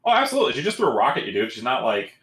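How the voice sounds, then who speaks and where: A man's voice: mid-range voice, wildly swooping pitch, very fast, echoey room, background noise. A man narrating as game master in a loose, casual way, full of fillers.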